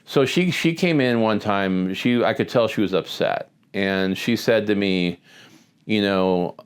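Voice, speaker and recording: A man's voice: on the low side, a little slow, clean tone. A middle-aged man, a physician host, telling a patient story in a conversational way with many restarts. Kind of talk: casual talk to camera.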